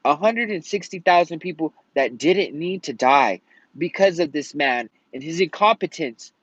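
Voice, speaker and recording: A man's voice: fairly high pitch, expressive, normal speed, fairly bright tone, husky, no room sound. A man venting in a casual vlog rant, rambling and swearing often out of frustration. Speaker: vlogger. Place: at home in Colorado. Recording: dull lo-fi sound.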